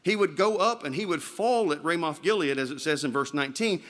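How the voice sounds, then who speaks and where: A man's voice: a little high, fairly quick, fairly bright tone. A man preaching an evening sermon in a church, speaking in a conversational way and putting rhetorical questions to the congregation. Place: church sanctuary.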